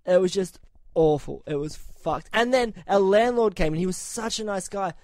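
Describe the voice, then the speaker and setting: A man's voice: sits high, moderate pace, no echo. A man hosting a podcast, telling a long profane anecdote in casual chat and acting out the other people in it. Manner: profane, animated anecdotes with quoted voices. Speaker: podcast host.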